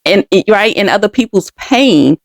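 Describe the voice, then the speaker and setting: A young woman hosts her own podcast and tells a painful story from her life. She talks candidly and with feeling, turning often to her listeners. Her voice is gravelly and sits mid-range, recorded dry and close. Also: mid-range voice, expressive, measured pace, dry recording. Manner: candid, emotional, addresses listeners directly. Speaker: podcast host. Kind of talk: personal storytelling.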